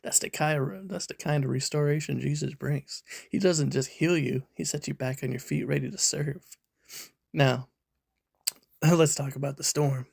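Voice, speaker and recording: A man's voice: fairly high pitch, fairly even intonation, moderate pace, vocal fry, darkish tone, husky. A man preaching a sermon, emphatic and full of rhetorical questions aimed at his listeners.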